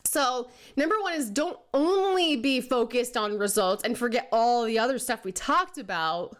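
A woman's voice: a little high, lively intonation, moderate pace. A woman giving a casual motivational talk on leadership, who laughs often and keeps checking in with "okay?" and "right?". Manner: chatty, laughs often, puts on silly voices for people she mocks; says "okay?" and "right?" a lot. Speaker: leadership coach.

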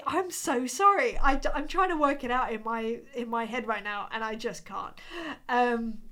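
A woman's voice: on the high side, fairly bright tone. A woman, hosting a casual livestream and chatting as she reads out viewer comments. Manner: chatty, apologetic and rambling, with frequent restarts and laughs. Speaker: livestream host reading chat. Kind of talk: casual chat.

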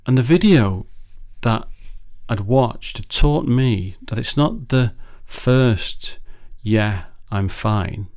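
A man with a somewhat low voice tells a personal story as a podcast host. He speaks reflectively and thoughtfully, now and then stumbling and restarting a phrase before going on. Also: creaky, a little mellow.

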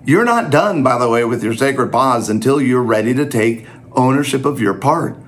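A man's voice: medium pitch, animated, normal speed, a bit bright. A man teaching in a conversational sermon style, earnest and self-deprecating.

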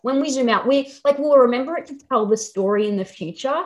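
A woman's voice: high voice, a little fast. A young woman hosting a podcast, a fitness coach talking candidly and reassuringly, with plenty of swearing. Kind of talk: casual podcast chat.

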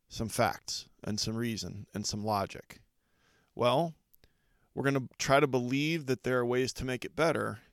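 Earnest man with a gravelly voice. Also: mid-range voice, dry recording, studio quality. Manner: earnest, reflective, measured delivery with deliberate pauses. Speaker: podcast host. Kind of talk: motivational podcast monologue.

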